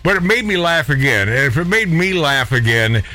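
A man hosts a casual radio talk show, rambling and cracking jokes as he keeps interrupting himself. His voice sits a little high and sounds bright and forward. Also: big pitch swings, moderate pace. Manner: rambling, self-interrupting, jokey.

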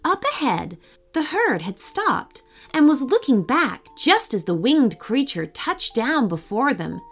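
A woman gently and expressively reading a children's bedtime story. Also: high-pitched, very animated, a little slow, soft background music.

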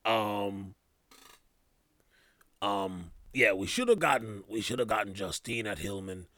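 A man's voice: fairly low pitch, expressive, takes it slowly, fairly bright tone, no room sound. A man hosting a casual podcast, rambling with loose slang, trailing off and restarting his thoughts. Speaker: podcast host. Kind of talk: casual chat.

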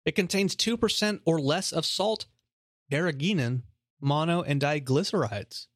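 A man's voice: a little high, normal speed, no echo, studio quality. A man co-hosting a podcast in casual chat, playful and giggly, talking while snacking. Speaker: podcast co-host.

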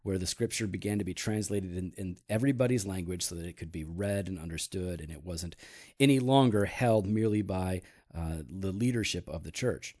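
A man hosting a casual talk show, explaining calmly with many fillers and teasing his co-host. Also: low voice, a little fast. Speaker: podcast host. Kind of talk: casual teaching talk about church history.

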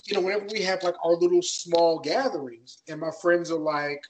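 A man's voice: a little high, steady tone, fairly quick, low-quality recording. A man from Maryland, a podcast guest, talking in a laid-back, loose way with lots of fillers. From Maryland, USA. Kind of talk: casual podcast chat.

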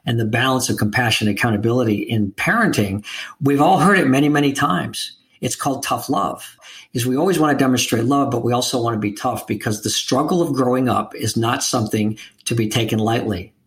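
A man interviewing an author, speaking in a measured, reflective way about leadership and parenting. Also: medium pitch. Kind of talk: conversational interview.

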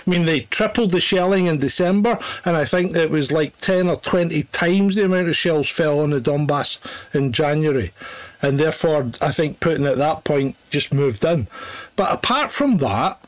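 A man's voice: fairly high pitch, animated, moderate pace, no room sound. A man co-hosting a podcast in casual chat, opinionated and laughing often. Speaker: podcast co-host.

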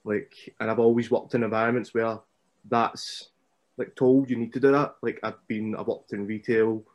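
A young man with a Scottish accent, a wrestler chatting casually as a podcast guest and telling stories in an animated way. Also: medium pitch, normal speed. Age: young adult.

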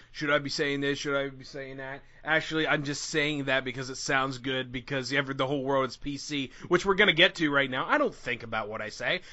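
A man's voice: fairly high pitch, bright, forceful tone, lo-fi sound. A man hosting a casual podcast, talking in a hyped-up way and prone to going off on rants. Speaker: podcast host.

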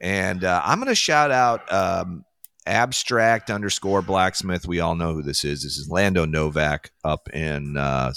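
Man, podcast host, deep voice, bright, joking, rambling, casual chat. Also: expressive, unhurried, smooth, no room sound. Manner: jokey, rambling, laughs at own jokes.

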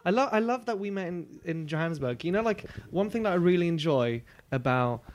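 A man's voice: high voice, animated, fairly quick. A man, a comedian guest on a podcast, chatting playfully with rambling, jokey asides. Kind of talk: casual podcast chat.

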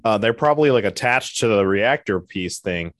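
A man's voice: lowish voice, expressive, normal speed, no echo. A man co-hosting a casual podcast, blunt and opinionated, swearing freely as he argues. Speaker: podcast co-host. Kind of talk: casual chat.

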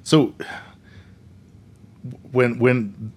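A man's voice: medium pitch, fairly even intonation, extremely slow, slightly rough. A man co-hosting a casual movie-review podcast, hesitant, with many fillers and restarts. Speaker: podcast co-host.

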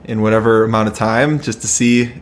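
A man hosting a casual podcast, laid-back and quick to laugh, often repeating his words. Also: on the low side, fairly even intonation, a little hiss or hum. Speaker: podcast host. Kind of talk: casual podcast chat and outro.

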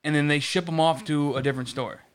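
Man, casual chat, rambling storyteller, swears, smooth clear voice. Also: on the high side, steady tone, fast. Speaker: podcast co-host.

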